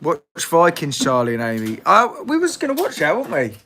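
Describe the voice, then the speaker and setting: A man's voice: fairly high pitch, huge pitch swings, a little fast, pushed and bright. A man hosting a casual live Q&A, blunt and swearing freely, laughing often. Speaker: livestream host.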